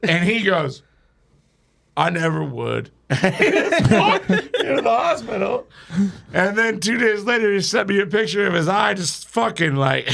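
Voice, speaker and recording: A man telling wild stories in a casual podcast chat, animated and crude, often laughing as he talks. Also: sits high, unhurried, vocal fry. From rural area. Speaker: podcast guest or co-host. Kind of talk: casual storytelling.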